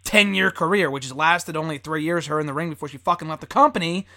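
A man's voice: fairly high pitch, quick pace, sharp tone. A man hosting a casual chat, blunt and profane and often laughing. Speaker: podcast host.

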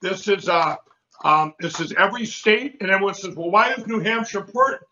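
A man's voice: sits high, sharp tone, slight background noise. A man hosting a show, making urgent, repetitive appeals to act and to donate. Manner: rapid, repetitive, fired-up appeals. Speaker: show host. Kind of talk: urgent call to action. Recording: echoey, dull lo-fi sound.

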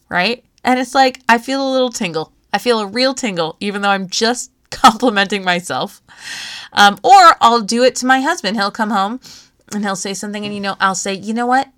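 A woman's voice: medium pitch, pushed and bright. A woman in her thirties hosting a podcast, chatting casually with frequent laughs and playful asides. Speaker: podcast host.

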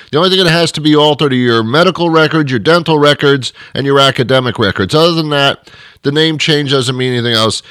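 A man rambles through a comic monologue as the host, mocking himself and wandering off topic. He slides between muttered asides and louder rants. His voice sits at an ordinary middle pitch, and the recording is dry and close. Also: dry recording.

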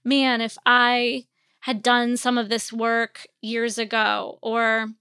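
A woman's voice: on the high side, level tone, slow, bright, forceful tone, clear, resonant tone, no room sound, studio quality. A woman in her forties, a podcast host, telling a personal story in a candid, rambling way, a little sleepy and yawning. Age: 40s. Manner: candid, rambling, with many fillers.

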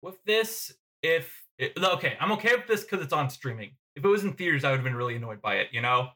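A man's voice: fairly high pitch, lively intonation, fast, bright, forceful tone. A man chatting casually about a film on a podcast, rambling and laughing often.

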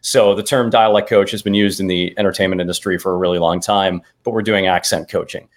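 A man's voice: deep voice, fairly even intonation, quick pace. A man, a dialect coach, explaining accent work step by step with examples in an interview. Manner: methodical, explains in steps with examples.

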